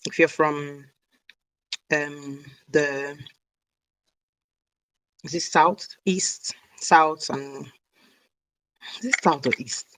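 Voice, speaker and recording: A woman's voice: sits low, steady tone, drawn-out words, long pauses, a bit bright, no room sound, low-quality recording. A woman chatting casually on a live stream, rambling and snacking as she talks. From Nigeria (South South). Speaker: hair care vlogger. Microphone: camera mic on a live stream.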